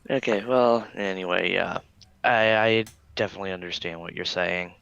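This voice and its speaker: A man with a very deep voice co-hosts a casual podcast and makes dry, teasing remarks. His dull, muffled mic sounds close and dry. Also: fairly even intonation, moderate pace, gravelly, fairly bright tone, clean tone, dry recording. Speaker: podcast co-host.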